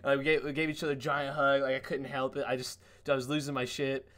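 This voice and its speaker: A man talking on a podcast with an average pitch, telling stories of meeting friends with lively excitement. He swears a lot and jumps far up in pitch when acting out what people said. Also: fast talker. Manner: excited storytelling, lots of cursing and fillers; acts out quotes in a much higher voice. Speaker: podcast guest. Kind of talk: casual podcast chat.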